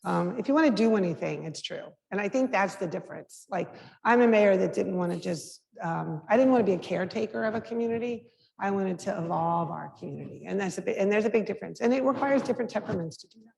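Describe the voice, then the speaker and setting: A middle-aged woman, a mayor appearing as guest speaker, fields audience questions in a lecture hall with a mid-range, slightly mellow voice, lively intonation, vocal fry, and a fast pace. Her candid answers are frank and conversational, full of restarts and fillers. The hall sounds reverberant, with faint background noise.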